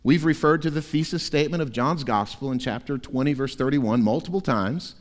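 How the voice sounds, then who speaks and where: A man preaching a sermon as pastor, emphatic, with forceful peaks. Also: medium pitch, a little fast, in a large hall. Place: church sanctuary.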